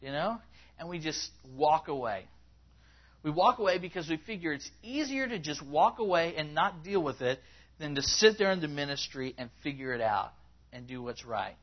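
A man preaching a conversational sermon to a congregation, acting out people's words in a higher voice as he quotes them. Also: lively intonation, normal speed. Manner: conversational, rising in pitch when acting out quotes. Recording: slightly dull, lo-fi recording.

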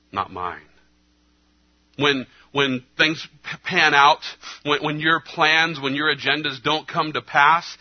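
A man preaching a sermon earnestly, his delivery moving between hushed, slow passages and emphatic ones. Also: fairly high pitch. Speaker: pastor. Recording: slightly dull lo-fi sound.

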